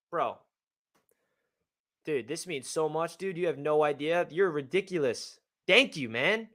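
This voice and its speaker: A man hosts a casual sports fan livestream in an excitable, pumped-up manner. His voice sits high and rings bright and forceful. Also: a little slow. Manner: hyped, excitable fan talk.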